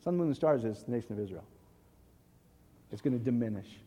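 A man's voice: mid-range voice, lively intonation, fairly quick, dark tone, slightly rough, long reverb tail. A man preaching a sermon in an emphatic way, often checking that the audience agrees. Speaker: pastor.

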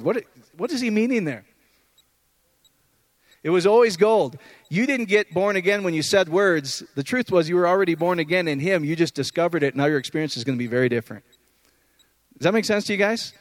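Animated, higher-pitched male preacher. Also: a little fast, long pauses, no room sound. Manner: conversational, animated, often asks "does that make sense". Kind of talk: informal sermon.

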